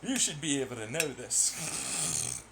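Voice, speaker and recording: A man's voice: mid-range voice, wildly swooping pitch, slow pace, very noisy. A young man streaming alone, rambling while he plays, swearing, laughing and ranting in irritation. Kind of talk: rambling solo talk while playing.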